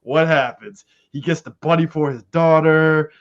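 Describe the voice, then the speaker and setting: A man with a fairly high voice co-hosts a live podcast, ranting emphatically and swearing as he argues. The recording sounds a little dull and muffled. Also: steady tone, unhurried. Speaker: podcast co-host. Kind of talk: casual live-show movie talk.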